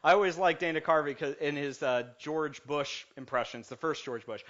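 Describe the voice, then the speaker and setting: A man preaching a lighthearted sermon as pastor, joking with his congregation before settling into calm, earnest preaching. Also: on the high side, normal speed, hardly any pauses. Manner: jokey and animated, then calm and earnest. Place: church sanctuary. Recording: muffled lo-fi sound.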